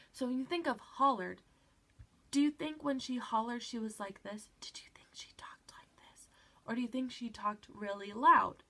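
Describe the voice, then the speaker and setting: A woman's voice: fairly high pitch, creaky. A woman teacher with a stuffy nose, patiently guiding children through a reading lesson and checking in with them often. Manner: patient, encouraging, frequent "all right" check-ins.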